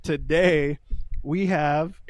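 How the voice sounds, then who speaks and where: A man hosting a casual podcast chat, eager and upbeat as he leads the talk. His voice sits a little high for a man. The sound is close and dry, with no room echo. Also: steady tone, extremely slow. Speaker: podcast host.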